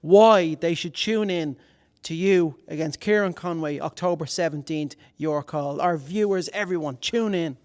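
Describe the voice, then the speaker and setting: A man's voice: on the high side, unhurried, few pauses. A male interviewer in a boxing gym, asking questions in a chatty, jokey way.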